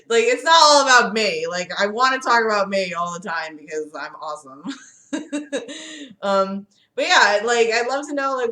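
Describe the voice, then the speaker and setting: A woman's voice: fairly high pitch, sharp tone, reverberant. A young woman hosting a casual livestream from her city apartment, rambling and giggling, with lots of "like". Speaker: livestream host.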